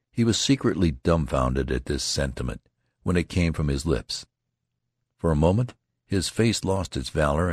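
A man with an extremely deep voice reads a classic novel aloud at a measured, even pace. His tone is husky, and the recording is dry and close, with no room sound. He tells the story steadily, like an audiobook narrator. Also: no room sound.

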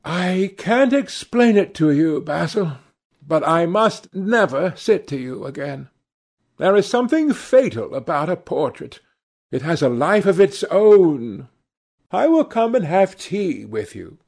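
Guy doing a slick young charmer, light airy voice, a bit gravelly, takes his time. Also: fairly high pitch, sing-song, measured pace, a little mellow, pitched above the performer's own voice, full character voice. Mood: airy, evasive. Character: young man, charming, evasive, secretive.

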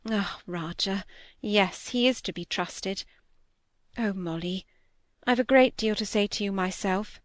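A woman voicing a gentle, anxious older lady who is ill, speaking softly and unhurriedly in a storybook reading. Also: medium pitch, a little slow, dry recording, studio quality, natural voice. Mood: tender.

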